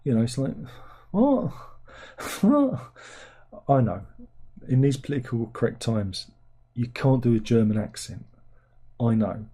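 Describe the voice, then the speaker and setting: A man with a very dark, mellow and husky voice hosts a casual film review. He rambles sardonically through viewer comments and jumps into incredulous, high-pitched disbelief. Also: moderate pace. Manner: rambling, sardonic, breaks into incredulous squeaky outbursts.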